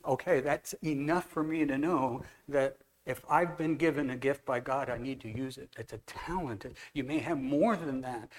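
A man preaching a relaxed, anecdotal sermon to a church congregation, telling stories and talking with people in the room. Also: on the high side. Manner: conversational, anecdotal, walks among the congregation. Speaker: guest preacher. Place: church hall.

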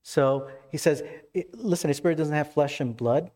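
A pastor preaching a sermon, animated and casual, rising with excitement as he retells scripture scenes. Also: normal speed. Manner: animated, rises in pitch when retelling scenes.

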